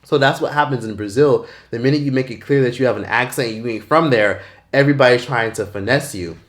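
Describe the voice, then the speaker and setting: A man's voice: mid-range voice, brisk. A man talking bluntly and emphatically in a casual commentary vlog, swearing freely. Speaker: vlogger.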